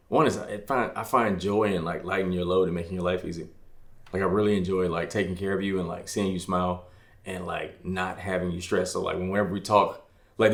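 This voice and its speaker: Deep-ish guy, laid back, lots of "like", echoey room. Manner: relaxed, heavy use of "like", teasing. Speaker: podcast co-host, husband. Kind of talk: casual chat.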